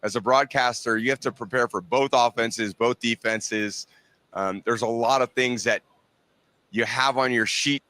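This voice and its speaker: A man who works as a sports broadcaster, giving measured interview answers in a played clip. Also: mid-range voice, fairly even intonation, sharp tone, no room sound.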